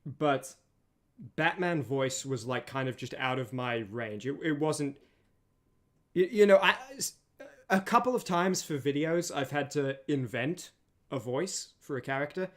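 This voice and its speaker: A man's voice: medium pitch, animated, unhurried, fairly bright tone. A tired man chatting casually on a stream as its host, rambling with many restarts. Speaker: streamer and voice animator.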